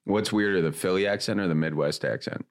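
A man co-hosting a podcast, relaxed, asking his friend questions in casual chat. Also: sits low, fast talker. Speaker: podcast co-host.

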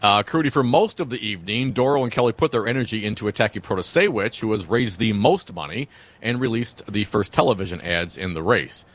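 A man's voice: lowish voice, animated, a little fast, a bit bright. A man co-hosting talk radio, reading news copy with wry, conversational remarks.

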